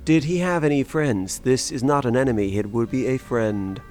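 A man's voice: medium pitch, moderate pace, darkish tone. A man speaks in character during a tabletop game in short, blunt, stiff phrases. Faint music plays behind him. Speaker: player. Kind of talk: in-character role-play.

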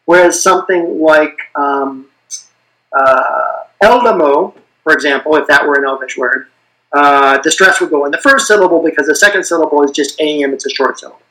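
A man's voice: fairly high pitch, normal speed, sharp tone, low-quality recording. A man patiently explaining language details in a podcast conversation, with frequent "uh" fillers. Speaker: guest expert on invented languages.

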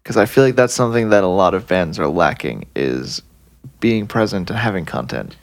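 A man hosting a podcast in casual chat, relaxed, asking the guest questions. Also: low-pitched, moderate pace, vocal fry. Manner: asks questions, laid-back. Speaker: podcast host.

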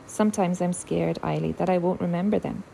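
A woman voicing a quiet, wistful teenage younger sister with a steady, firm resolve. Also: fairly low pitch, a little fast, gravelly, slight background noise, low-quality recording.

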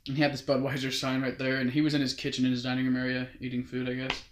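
A man's voice: mid-range voice, completely flat delivery, very fast, slight background noise. A young man casually telling a long story as a guest. He rambles and keeps quoting others with "he's like". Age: young adult. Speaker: guest recounting his mission. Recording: roomy echo.

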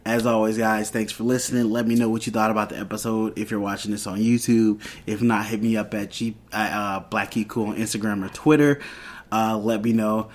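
A man's voice: lowish voice, fairly even intonation, brisk. A man hosting a podcast, casually recapping a TV episode in a loose, rambling way and quoting the characters' lines. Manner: retells scenes with quoted dialogue, loose and rambling. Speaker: podcast host.

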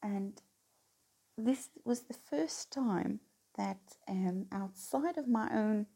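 Middle-aged woman, candid rambling vlogger, gravelly and mellow. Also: mid-range voice, slow. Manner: candid, rambling, laughs between phrases. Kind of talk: casual personal talk to viewers.

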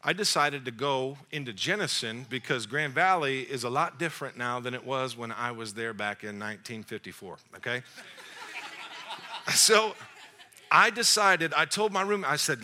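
A man's voice: medium pitch, moderate pace. A man in his forties preaching to young adults, telling a story with jokes and acting out the dialogue. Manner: animated, jokey storyteller, acts out dialogue. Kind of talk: storytelling sermon.

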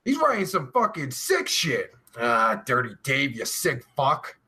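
A man hosting a live stream and reading out chat messages, rambling and crude, full of swearing and filler words, with drawn-out groans of pleasure. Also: mid-range voice, wildly swooping pitch, bright, forceful tone.

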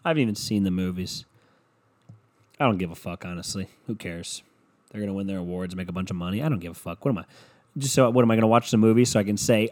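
A man with a low voice talks fast in a sarcastic comedic rant. He swears freely and mocks people throughout.

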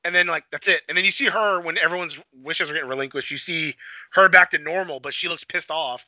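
A man co-hosting a movie review podcast rambles through a film's plot in casual chat, saying "like" constantly and doing animated quoted voices. His voice is a little high and fast, and the lo-fi recording is dry with no room sound and slightly dull.

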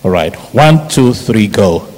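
A man's voice: fairly low pitch, takes it slowly. Nigerian man preaching in a reverberant hall. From Ibadan, Nigeria. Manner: animated, storytelling with mimicked shouts and laughter. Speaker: pastor. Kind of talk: sermon. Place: large church hall. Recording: hall reverb, faint background noise.

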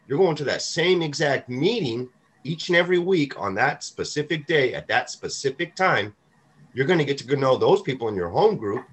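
A man's voice: mid-range voice, slightly rough. A man co-hosting a casual recovery podcast, talking emphatically and swearing now and then. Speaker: podcast co-host. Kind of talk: casual recovery-group chat.

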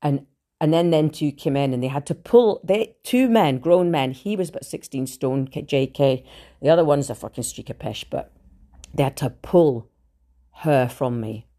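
A Scottish woman with a Glasgow accent, telling her own story in a blunt, animated monologue full of swearing. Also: low-pitched, normal speed. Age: adult with three children. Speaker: speaker sharing her recovery story.

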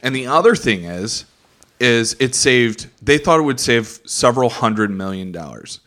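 A man co-hosting a podcast who explains his points in a calm, measured way. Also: medium pitch. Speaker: podcast co-host. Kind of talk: casual podcast discussion.

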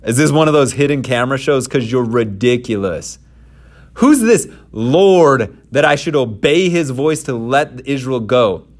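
A man's voice: mid-range voice, lively intonation, a little slow, voice pushed up, close to an everyday voice. A man voicing an arrogant male pharaoh who scoffs and dismisses everyone around him. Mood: scornful. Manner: mocking, dismissive.

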